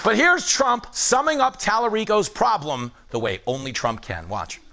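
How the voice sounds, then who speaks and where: A man's voice: high voice, big pitch swings, normal speed, vocal fry, bright, forceful tone. A man hosting a late-night comedy monologue, delivering punchy, mocking jokes and acting out little bits.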